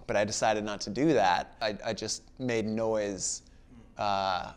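Smooth-voiced man, deadpan guest. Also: fairly low pitch, unhurried. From Bridgeport, Connecticut, US. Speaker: actor guest. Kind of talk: casual interview chat.

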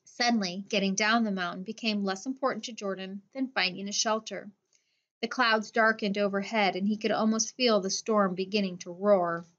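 A woman's voice: medium pitch, steady tone, moderate pace, a bit bright. Woman reading a storybook, dull audio. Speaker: audiobook narrator. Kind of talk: scripted narration.

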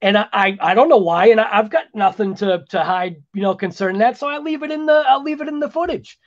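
Man, high voice, rambling casual editing talk, slightly muffled home recording. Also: fast. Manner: rambling, chatty, self-deprecating asides. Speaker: RC hobby channel host. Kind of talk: casual voice-over while editing video.

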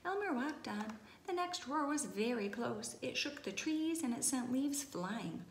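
A woman reading a picture book aloud to preschoolers, expressive and sometimes hushing to a whisper. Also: a little high, measured pace, a little hiss or hum. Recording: roomy echo.

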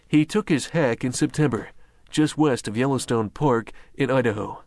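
Male audiobook narrator, measured and even, mid-pitched, very dry close-mic read. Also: no room sound. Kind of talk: scripted narration.

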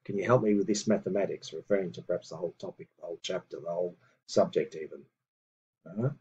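In a video language lesson, a man with a deep, mellow voice explains things patiently and slowly reads out example phrases, using lots of fillers. The recording sounds muffled.

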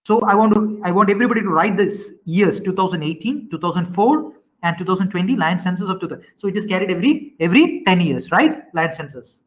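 A man teaching an online class, quizzing students and often repeating himself with halting restarts. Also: high-pitched, lively intonation, poor audio.

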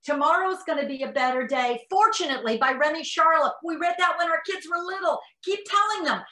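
A middle-aged woman gives an animated talk to parents, slipping into little acted-out dialogues between parent and child. Her voice is bright and a touch high, and it rings in a roomy space. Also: a little fast. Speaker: parenting expert speaker.

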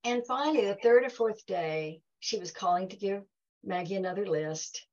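A woman's voice: mid-range voice, moderate pace, darkish tone, lo-fi sound. A woman giving a heartfelt talk to an audience, telling stories and acting out quoted dialogue. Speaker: guest speaker.

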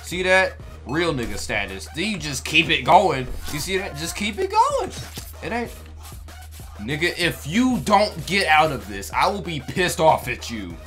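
A young man narrating his gameplay, loud and excitable, swearing in slang as he yells at the screen. His voice swoops up and down in pitch with a bright, sharp edge. Faint music plays behind him. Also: measured pace. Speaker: gaming YouTuber. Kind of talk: casual gameplay commentary.

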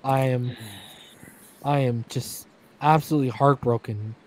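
A man's voice: medium pitch, fairly even intonation, measured pace, a little mellow. A man hosting a casual sports talk livestream, earnest and emotional, crying as he talks and repeating himself. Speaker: podcast host. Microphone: streaming setup, remote call.

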